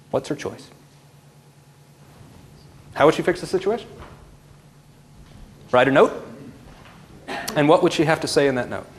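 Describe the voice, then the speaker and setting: A man who works as a parenting counselor, telling a story to a live audience with animated shifts between loud and hushed delivery. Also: medium pitch.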